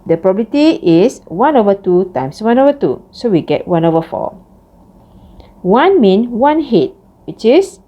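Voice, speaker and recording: A woman giving a recorded math lecture, explaining each step slowly. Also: dull audio. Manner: slow, lively pitch, explains step by step.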